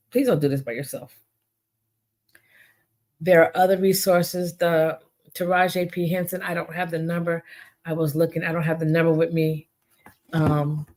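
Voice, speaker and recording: A woman's voice: deep voice, a little mellow. A woman hosting her own podcast alone, talking earnestly and pleading with her listeners, often repeating her pleas. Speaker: podcast host. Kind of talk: heartfelt solo podcast talk.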